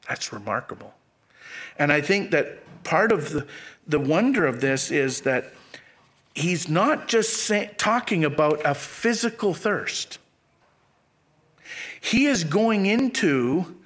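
A man preaching a sermon, acting out quotes with sudden jumps in pitch and dropping to a hushed low voice on key phrases. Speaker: pastor.

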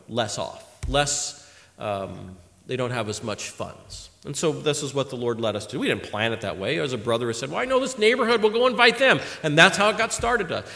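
A man preaching a sermon in an animated way, swinging from loud emphasis to quiet asides. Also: medium pitch. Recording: long hall reverb.

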